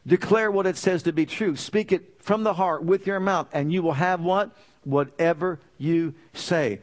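A man with a fairly high voice preaches a sermon. He declares scripture with emphasis and presses his listeners with rhetorical questions. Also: moderate pace.

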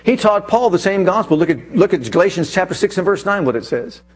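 A male preacher giving an animated sermon, telling a personal story and reading scripture aloud with emphasis. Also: sits high, fairly quick, slightly rough.

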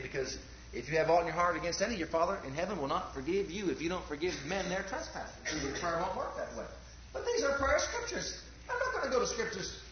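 A fervent man preaches, pressing his listeners with question after question and asking for amens. His voice sits high and leaps widely in pitch. The recording is very echoey and a bit dull and lo-fi. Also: slight background noise. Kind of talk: sermon.

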